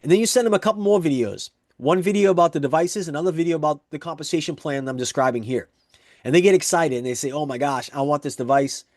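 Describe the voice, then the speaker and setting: A man with a fairly high voice gives an eager sales presentation. He walks through one example after another and repeats the same points as he builds the pitch. The sound is dry and close. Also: fast, a little mellow, no room sound. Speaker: network marketing presenter.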